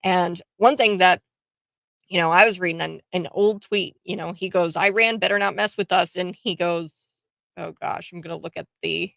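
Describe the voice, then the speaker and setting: A woman's voice: on the low side, steady tone, normal speed, creaky, fairly bright tone, no room sound. A woman from the United States hosting political commentary, talking in an emphatic, indignant way with frequent fillers and restarts. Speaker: host.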